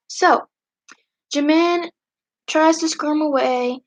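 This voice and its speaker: A woman hosting a livestream, casually reading fanfiction aloud. She breaks in with giggly, chatty asides and clears her throat now and then. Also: sits high, measured pace. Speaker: livestream host. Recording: dull lo-fi stream audio.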